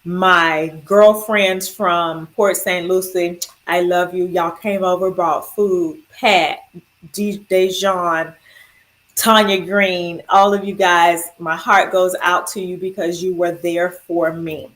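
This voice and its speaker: A woman's voice: on the low side, steady tone, takes it slowly, fairly bright tone, low-quality recording. A woman sharing her cancer survival story, rambling through heartfelt thanks to family and friends. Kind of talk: personal video testimony.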